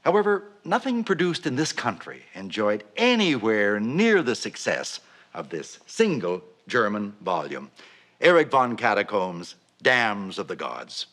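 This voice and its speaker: A man's voice: on the low side, sing-song, a little slow, fairly bright tone. A man narrating a mock documentary in a mock-serious scripted delivery.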